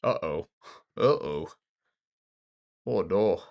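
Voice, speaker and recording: Aussie guy talking thru his chess game, jokey, gravelly, voice jumps around a lot. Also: low voice, expressive, extremely slow, a little mellow. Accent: Australian. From Australia. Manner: jokey, thinks aloud, self-mocking. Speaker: chess streamer. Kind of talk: casual commentary while playing online chess.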